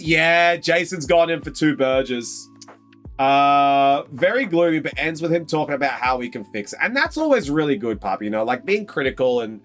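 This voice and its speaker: A young Australian man hosting a casual live stream, chatty and excitable, calling viewers mate and bro and breaking into loud, high exclamations. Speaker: live stream host opening trading card packs.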